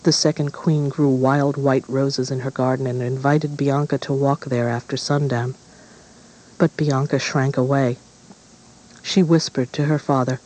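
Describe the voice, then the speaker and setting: A man reads a gothic fairy tale aloud in a measured, dramatic manner. His voice sits at an ordinary middle pitch. He shapes each sentence for the story. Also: level tone, darkish tone, rough recording. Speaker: narrator. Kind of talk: storybook narration.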